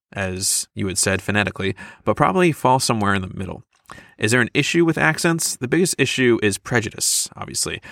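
A man's voice: on the low side, vocal fry, bright, forceful tone, dry recording, clean studio sound. A man co-hosting a podcast in casual chat, chatty and laughing often, with many fillers. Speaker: podcast co-host.

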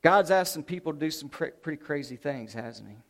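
A man preaching a sermon, telling Bible stories in an animated way and stretching out key words for emphasis. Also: on the high side, fairly quick. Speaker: pastor.

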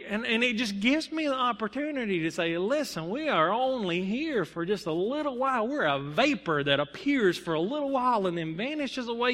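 A man's voice: very high voice, sharp tone. A young man preaching a sermon in a church, telling personal stories earnestly with bursts of emphasis. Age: young adult. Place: church sanctuary. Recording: long hall reverb.

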